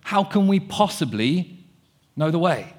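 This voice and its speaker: A man's voice: a little high, sing-song, unhurried, darkish tone, pitched above the performer's own voice. A man voicing a desperate young male disciple, pleading for help. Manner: pleading, desperate, repeating himself.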